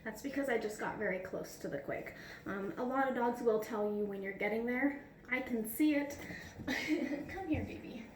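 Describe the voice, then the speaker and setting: A woman's voice: fairly high pitch, normal speed, a little hiss or hum. A woman dog groomer giving a casual how-to tutorial at home, chatty, laughing often and cooing to her dog. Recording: roomy sound from a distant mic.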